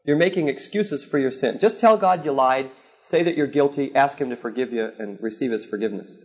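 A man's voice: mid-range voice, brisk. A man teaching a sermon in an earnest, repetitive way, often checking in with "okay?". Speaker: preacher teaching on counseling. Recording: slightly dull lo-fi recording.

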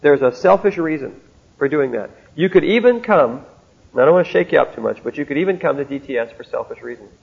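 A man's voice: a little high, lively intonation, quick pace, gravelly, slightly rough. A man giving an earnest, tinny classroom sermon. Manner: earnest, direct, storytelling with asides. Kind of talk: sermon-style lecture to students. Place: classroom with a board. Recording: tinny narrow-band old recording.

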